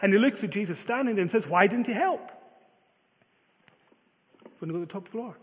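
A man's voice: sits high, racing. A man preaching a sermon, telling a story with many filler uhs. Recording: phone-like reverberant sound.

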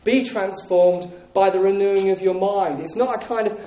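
A man's voice: high voice, fairly even intonation, moderate pace, dark tone. A man preaching a sermon in an emphatic style, hammering home his points through repetition. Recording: echoey room.

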